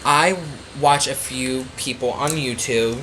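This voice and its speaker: A man telling a long personal story as a podcast guest, winding and loose, full of pauses and restarts. His voice sits at an ordinary pitch, with a faint hiss of noise behind him. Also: a bit bright, rough recording. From Florida. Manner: rambling storyteller, many fillers and restarts. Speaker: podcast guest, psychic medium. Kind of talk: casual chat.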